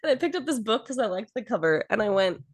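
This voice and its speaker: A young woman co-hosting a podcast in casual chat, excitable and theatrical, acting out quotes as she talks. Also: a little high, quick pace, no room sound. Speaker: podcast co-host.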